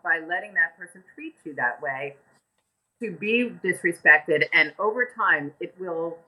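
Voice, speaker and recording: An older American woman, a podcast guest, telling stories in a casual, animated way, laughing often and acting out the voices of the people in them. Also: mid-range voice, slightly rough, poor audio. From United States. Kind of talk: casual storytelling interview.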